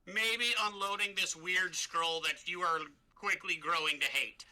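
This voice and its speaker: Bright-voiced man running a tabletop game. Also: sits high, fairly even intonation, low-quality recording. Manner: rambling, halting description with many fillers. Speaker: game master.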